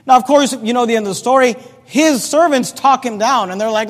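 Preaching in a church that lends his words a long reverb, a male pastor with a notably high voice moves chattily through the passage. He speaks a little fast and breaks off now and then for jokes.

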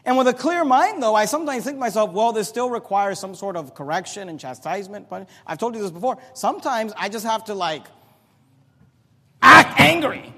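A man preaching a sermon as pastor. He swings between loud, emphatic peaks and quiet, teaching passages. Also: high voice, lively intonation, fast talker, few pauses, in a large hall.

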